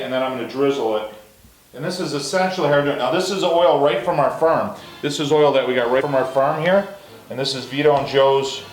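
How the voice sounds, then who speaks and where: A man's voice: fairly high pitch, reverberant, distant mic, rough recording. A man hosting a cooking show, chatty and enthusiastic as he talks viewers through a recipe. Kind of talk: casual cooking demonstration. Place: villa kitchen in Italy, outdoors breeze.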